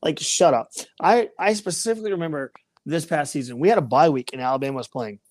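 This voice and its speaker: Woman sports podcaster, ranting, mocking, lowish voice, dry close sound. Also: fast talker, darkish tone, dry recording. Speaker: podcast co-host. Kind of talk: casual sports chat.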